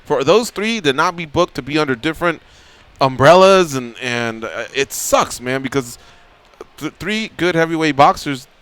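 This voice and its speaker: Animated male radio co-host. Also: fairly high pitch, normal speed, clear, resonant tone. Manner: animated storyteller, does voices when quoting people. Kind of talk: casual chat.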